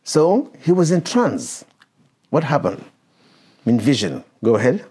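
A man's voice: on the high side, very animated, a little slow, darkish tone, breathy edge. A man preaching and teaching a Bible passage, stopping the reader to explain verses and question her.

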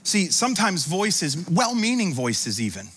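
There's slight hiss or hum as a pastor in his thirties delivers a sermon in the church sanctuary. His high, fairly bright voice swings widely in pitch at a measured pace, growing impassioned and repetitive while adding humorous asides to the congregation.

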